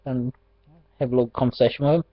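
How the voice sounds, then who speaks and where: A man telling a personal faith testimony in an animated storytelling way, laughing often. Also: mid-range voice, fast, no echo. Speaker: ministry speaker. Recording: dull dry lo-fi recording.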